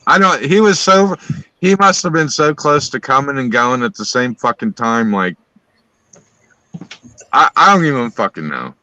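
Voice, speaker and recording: A man's voice: mid-range voice, lively intonation, normal speed, long pauses, pushed and bright, low-quality recording. A man telling a wild personal story on a live stream, rambling and swearing constantly as he relives it. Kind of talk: casual profane storytelling.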